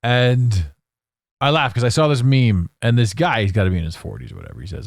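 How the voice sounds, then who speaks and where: Man rambling candidly, swooping pitch. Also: very animated, fairly quick, gravelly, no room sound, clean studio sound. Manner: candid, profane, meandering with restarts. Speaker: podcast host. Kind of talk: casual rambling monologue.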